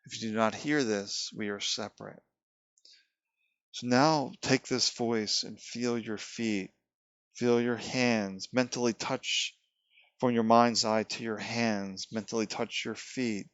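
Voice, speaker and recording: A man leading a guided meditation, speaking calmly in slow, repeated prompts and questions. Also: fairly low pitch, no echo, lo-fi sound. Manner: calm, slow, repetitive guidance with questions. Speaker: meditation teacher.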